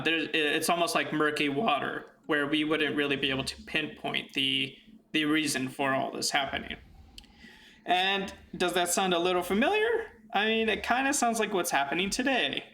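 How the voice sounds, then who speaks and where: A man's voice: a little high, bright, forceful tone, a little hiss or hum. A man talking through his ideas in an unscripted monologue, rambling with fillers and restarts and thinking aloud. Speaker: video essay host.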